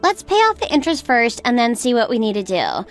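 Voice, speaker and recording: A woman's voice: fairly high pitch, sing-song, a little fast, faint music behind. A woman voicing a stressed young mother who pleads and sounds upset. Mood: distressed.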